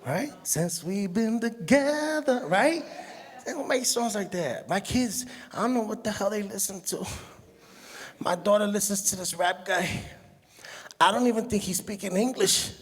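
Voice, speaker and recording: A high-voiced man of Puerto Rican heritage does animated stand-up comedy at a moderate pace, his voice slightly rough. He mimics his mother with high shrieks as he tells stories, and the sound has the long reverb of a show hall.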